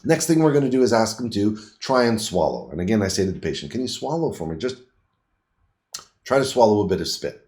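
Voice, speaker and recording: A middle-aged man, a paramedic instructor, talking through a clinical exam in plain words and showing each step himself. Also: on the low side. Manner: lively, plain-spoken teaching with quick demonstrations. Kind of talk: demonstrating a clinical exam on camera.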